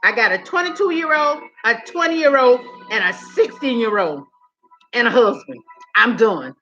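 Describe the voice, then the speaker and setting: A woman's voice: fairly high pitch, measured pace, dull audio, faint music behind. A woman, chatting sassily with her live-stream viewers and laughing often. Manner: sassy, animated, laughing often, calls viewers honey and girl. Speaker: vlogger talking to live chat. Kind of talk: casual live-stream chat. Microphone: phone camera.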